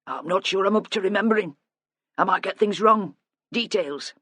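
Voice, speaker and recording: A subdued, plain-spoken older father, as a narrator voices him, weighed down by guilt and pausing as he remembers. The voice sits lower and softer than the narration, close and dry. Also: breathy edge, dry recording. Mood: reminiscing. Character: grieving older father, quiet and guilt-ridden.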